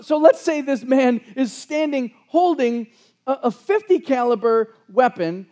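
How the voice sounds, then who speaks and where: A man's voice: very high-pitched, a little mellow. A man preaching a sermon as pastor, conversational, with sarcastic asides and frequent restarts.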